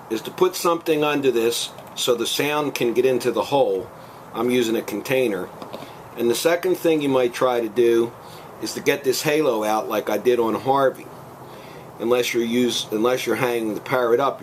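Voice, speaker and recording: A man's voice: medium pitch, moderate pace, a little hiss or hum, rough recording. A man giving a casual home demonstration and plainly, patiently explaining how to set up a device. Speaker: blogger showing a gadget. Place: at home, out front.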